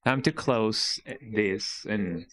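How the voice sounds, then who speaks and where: A man's voice: fairly low pitch, very slow, fairly bright tone. A man streaming a game, rambling and joking in casual commentary and tagging lines with "eh?". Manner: rambling, jokey, with tag-question "eh?". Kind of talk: casual live-stream commentary while playing. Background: game music.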